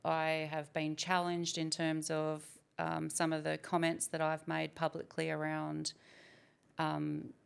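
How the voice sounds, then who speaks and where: Gravelly, smooth-voiced woman. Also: low-pitched, monotone, slow. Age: 40s. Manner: reflective, candid, with frequent fillers. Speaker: guest. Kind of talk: conversational interview.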